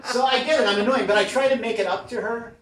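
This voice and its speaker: A man doing a stand-up comedy set in a small club, with a deadpan, self-deprecating delivery. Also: very high voice, fast. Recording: roomy club sound from a far mic, crowd laughing. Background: audience laughter.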